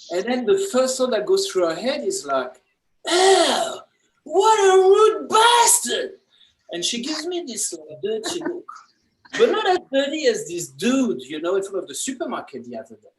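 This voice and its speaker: A man with a French accent doing a stand-up set over a video call. His pitch jumps around a lot and his delivery is playful and self-deprecating, with halting restarts. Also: rough recording. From France. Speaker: comedy workshop student. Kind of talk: stand-up comedy.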